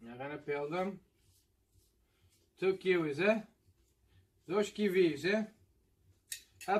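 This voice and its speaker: A man from Madeira with a Portuguese accent, hosting a casual eating video, switching between Portuguese and English and often checking in with viewers. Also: high voice. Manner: drawn-out "mm" sounds while eating. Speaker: mukbang host.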